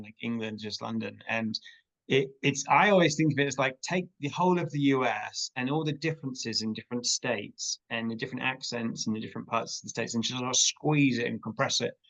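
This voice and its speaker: A man hosting a casual interview, chiming in with quick, encouraging interjections. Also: medium pitch, fairly bright tone. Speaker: interview host. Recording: dull lo-fi sound.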